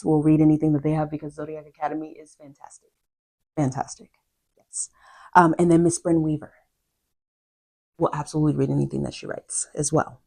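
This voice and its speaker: A young woman chatting casually to camera as a book vlogger, drifting into quiet asides. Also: low-pitched.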